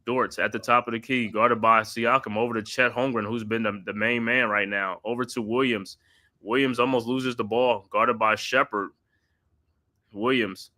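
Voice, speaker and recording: Bright-voiced guy doing steady play-by-play for a watch party, chatty asides. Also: medium pitch, moderate pace. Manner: steady running call with casual asides. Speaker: watch party host calling the game. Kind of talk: live play-by-play commentary.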